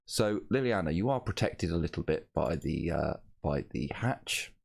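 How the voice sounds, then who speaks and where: Deep-voiced man running a game. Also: animated, gravelly, darkish tone. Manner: casual, halting, with frequent ums and self-corrections. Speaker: game master. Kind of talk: narrating a tabletop game.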